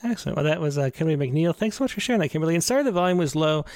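A man's voice: on the high side, expressive, rapid-fire, darkish tone, no echo, clean studio sound. A man hosting a podcast, talking casually and rambling with many fillers. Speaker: podcast host.

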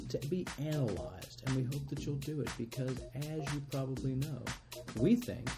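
Soft-spoken reflective male host. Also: medium pitch, normal speed, loud music behind the voice. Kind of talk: casual show talk and reading aloud.

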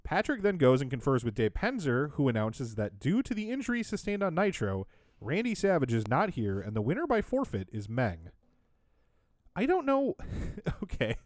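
A man's voice: mid-range voice, wildly swooping pitch, moderate pace, darkish tone, dry recording, clean studio sound. A man co-hosting a podcast, recapping in casual chat with a sarcastic, wry tone and frequent laughs. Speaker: podcast co-host.

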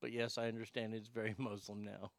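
A man hosting a comedy show, ranting crudely and making a prank call, excitable, profane and full of stammered restarts. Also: on the low side, a little fast, gravelly, no echo, studio quality.

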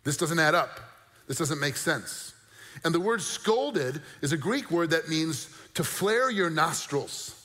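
A man's voice: on the high side, slow. Preaching man in a reverberant church. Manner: animated preaching with mock-incredulous outbursts. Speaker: pastor. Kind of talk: sermon.

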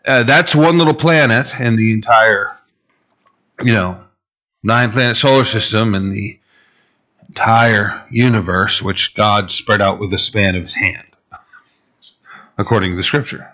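A man preaching a conversational sermon, full of fillers and asides, rising in pitch when he stresses a point. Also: steady tone, measured pace, pauses often, bright, forceful tone, highs cut off. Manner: casual and rambling, heavy fillers, rises in pitch for emphasis. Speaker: pastor.

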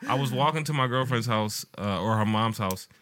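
A man's voice: mid-range voice, brisk, fairly bright tone. A man in a casual chat, telling stories with slang and acting out the voices of people in them. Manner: storytelling, slangy, acts out voices in quotes.

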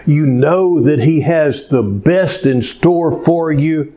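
A man preaching a sermon in an earnest, slow manner, telling a story with dramatic pauses. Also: a little high, lively intonation, mellow. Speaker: pastor.

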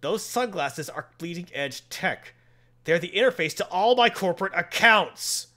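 A gloating teen-boy villain with a bratty, whiny edge, put on by a man. He sits high and lively, swooping up and down as he taunts, with a bright, sharp tone. It is a comic-book brat told aloud. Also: measured pace, exaggerated voice. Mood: shrill demanding.

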